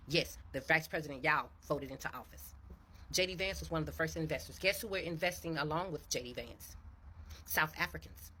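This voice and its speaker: Low-voiced woman telling a story. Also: sharp tone, slight background noise. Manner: chatty, addresses viewers with y'all, asks knowing rhetorical questions. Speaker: social media commentator. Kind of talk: conspiratorial storytelling to camera.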